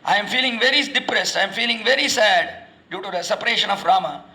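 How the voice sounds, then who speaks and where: A man's voice: high-pitched, quick pace, bright, forceful tone, roomy sound, full character voice, rough recording. A man voicing a grieving prince blaming himself. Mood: self-reproaching.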